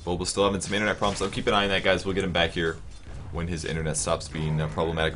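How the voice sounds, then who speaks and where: A man casting a video game match, calling the plays quickly and getting louder on big moments. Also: deep voice. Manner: fast, rising to excited shouts on big plays. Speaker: esports caster. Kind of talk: play-by-play game commentary.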